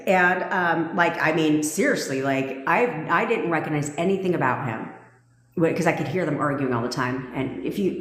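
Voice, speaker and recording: Brash, profane woman with a low voice. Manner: laughs often while telling the story. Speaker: manifestation coach. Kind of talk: casual livestream talk. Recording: echoey room with long reverb.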